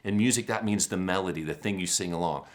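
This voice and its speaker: A man in his fifties giving a motivational keynote, telling stories in an animated, self-deprecating way with rhetorical questions. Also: low-pitched, fast talker. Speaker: keynote speaker.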